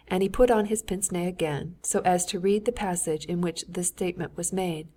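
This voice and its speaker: A woman narrating a classic novel as an audiobook, steady and measured. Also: lowish voice. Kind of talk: scripted narration.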